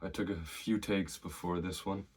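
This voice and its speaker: A man with a very deep voice talks through his training routine in a relaxed, conversational way. He is still slightly out of breath and draws on his own experience. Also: moderate pace, breathy edge. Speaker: fitness vlogger. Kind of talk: casual advice to camera.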